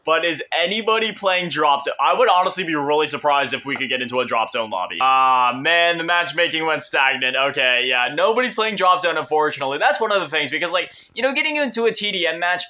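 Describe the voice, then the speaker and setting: Young male gaming YouTuber, bright tone, emotional and chatty over gameplay. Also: a little high, fast talker, hardly any pauses. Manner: excitable, emotional, rambling with restarts. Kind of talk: casual gameplay commentary.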